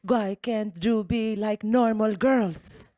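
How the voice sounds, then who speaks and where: A woman's voice: medium pitch, takes it slowly, mellow, no echo, studio quality, natural voice. A woman voicing her fretful older mother, who sighs and exclaims. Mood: lamenting. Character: fretful older Colombian mother, scolding and dramatic.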